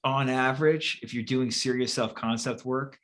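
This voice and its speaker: A man talking bluntly about coaching in a loose, casual chat, swearing freely. He fills pauses with frequent fillers. His pitch sits at an average level for a man. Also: steady tone, a bit bright. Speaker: co-host and manifestation coach.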